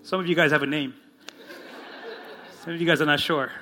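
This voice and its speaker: A man preaching a sermon as pastor to his congregation, slowing down and dropping his voice low for the quoted lines. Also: steady tone, bright, forceful tone, a little hiss or hum. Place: church in front of a congregation.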